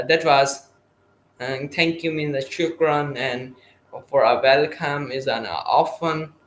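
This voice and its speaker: A man hosting a livestream, speaking halting, hesitant English full of fillers while he chats with an AI. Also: medium pitch, a bit bright, slight background noise. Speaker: livestream host. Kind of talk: casual chat with an AI.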